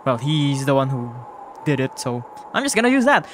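A man's voice: mid-range voice, big pitch swings, moderate pace, a bit bright, a little hiss or hum. Rambling, distracted male gamer. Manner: rambling, easily distracted, laughing asides. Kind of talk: casual let's-play commentary. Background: game music.

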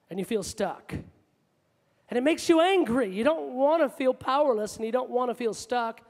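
A man preaching a sermon with passion, moving between loud outbursts and hushed asides, in a large church hall. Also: extremely high pitch, animated, moderate pace. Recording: long hall reverb.

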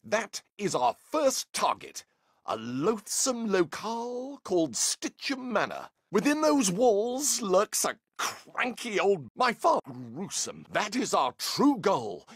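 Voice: medium pitch, big pitch swings, slow pace, fairly bright tone, husky, no echo, clean studio sound, exaggerated voice. An actor doing a manic, swooping young inventor. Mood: grandiose. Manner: theatrical, pompous, wildly swooping delivery. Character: eccentric young male inventor, grandiose and manic. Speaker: game character. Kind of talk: video game voice acting.

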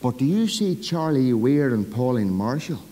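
A Northern Irish pastor preaching a sermon in a church, swinging from loud, emphatic calls to soft, low asides. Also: male voice, very animated, moderate pace, big-room sound, rough recording.

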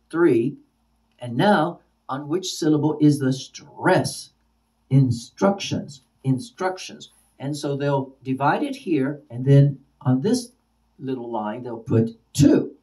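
Mellow-voiced male teacher, slightly distant. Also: mid-range voice. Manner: repeats example words slowly with varied stress. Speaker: ESL teacher. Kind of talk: spoken lesson for teachers.

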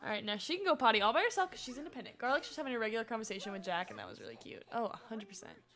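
A woman's voice: on the high side, sing-song, racing, a bit bright. A young woman streaming a life-sim game, chatting and coaxing her characters along with frequent laughs. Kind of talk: casual gameplay commentary.

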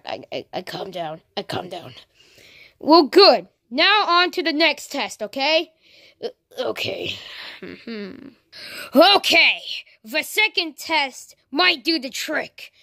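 A woman acting out a homemade toy-figure skit, switching between voices with sudden shouts. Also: high-pitched, no room sound, studio quality.

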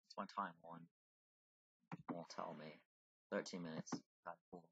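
A man with a deep voice giving casual, rambling commentary while playing a video game and chatting to the characters. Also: steady tone, measured pace, vocal fry, long pauses, pushed and bright, highs cut off, slight background noise.

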